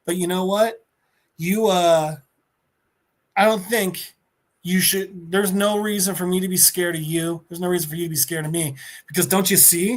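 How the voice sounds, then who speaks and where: A man voicing a calm, condescending aged male tyrant king from a comic. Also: high voice, normal speed, natural voice.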